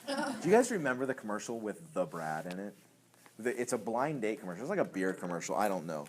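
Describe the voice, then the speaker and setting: A young adult man teaching a sermon with a fairly low voice, telling stories in a loose, conversational way and laughing along. A faint hum of the room sits behind him. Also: quick pace. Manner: conversational, animated storytelling with laughs and acted voices.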